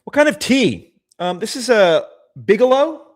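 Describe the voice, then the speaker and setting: A man's voice: extremely high pitch, very animated, a little slow. A man hosting a livestream in casual chat, rambling and often cutting himself off mid-sentence. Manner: rambling, self-interrupting, chatty. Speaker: livestream host.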